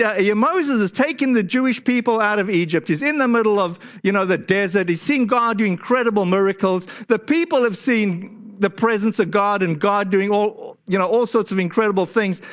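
A man with a notably high voice preaches a sermon, talking conversationally and restarting his phrases often. The recording sounds a little dull and muffled. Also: animated, normal speed, fairly bright tone. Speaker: pastor.

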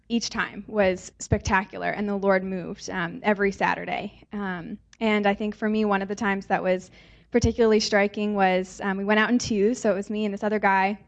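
A young woman in her twenties giving a casual, chatty testimony in a church service, with frequent fillers. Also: mid-range voice. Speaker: church speaker sharing testimony. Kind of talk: testimony in a sermon.

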